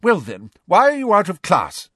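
A man voicing a stern, strict older woman teacher in a storybook reading, sharp and clipped. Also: high voice, wildly swooping pitch, normal speed, breathy edge, dry recording, clean studio sound, voice pushed up, full character voice.

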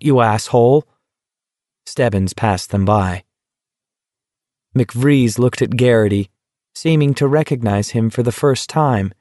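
A male audiobook narrator reads with a steady, measured delivery. His voice sits low and moves slowly. The sound is dry and close to the mic. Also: no room sound. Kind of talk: scripted narration.

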